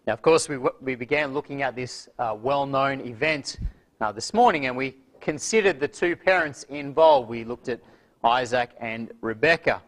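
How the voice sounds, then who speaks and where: A man preaching an evening sermon, reading scripture aloud and then expounding it in an earnest, measured way with frequent fillers. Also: medium pitch, sing-song.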